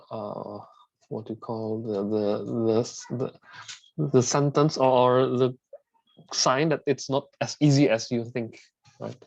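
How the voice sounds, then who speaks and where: A man's voice: medium pitch, dark tone, no room sound. Man teaching math, dull lo-fi sound. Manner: repeats words and restarts, asks "right?" after steps. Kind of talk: tutorial lesson working through examples.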